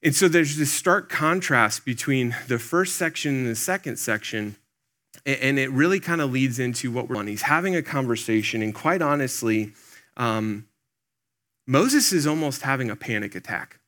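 A man's voice: mid-range voice, animated, moderate pace, a bit bright. Earnest man preaching a casual sermon. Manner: earnest, speaks directly to the congregation; loose and plain-spoken, with many "like" and "um". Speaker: pastor. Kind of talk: conversational sermon.

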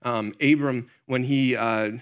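A young man preaching a casual sermon in a chatty, conversational way, with many fillers and quick asides to his listeners. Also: mid-range voice, steady tone, clean tone. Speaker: pastor.

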